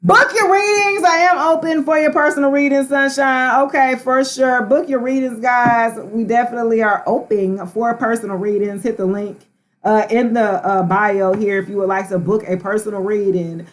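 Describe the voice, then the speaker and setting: A woman's voice: fairly high pitch, steady tone, normal speed. A woman tarot reader hosting a live stream, talking casually and slangily straight to her viewers.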